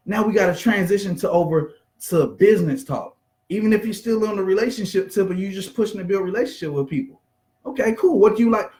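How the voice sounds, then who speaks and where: A man giving an energetic, conversational motivational business talk, acting out bits of small talk. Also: high voice, echoey room. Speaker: business coach.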